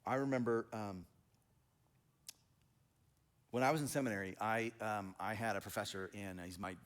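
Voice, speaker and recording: A man's voice: lowish voice, normal speed. Man preaching a conversational sermon. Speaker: pastor.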